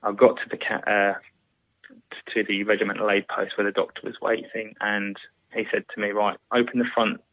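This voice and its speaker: A British man in his thirties recounts a hard story in a low, flat voice, halting and restarting as he goes. The sound is thin and phone-like, with no room sound at all. He speaks plainly, as a guest talking through his memories. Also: dry recording. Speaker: guest, former soldier. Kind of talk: recounting a war story in an interview. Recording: tinny phone-like line, dry.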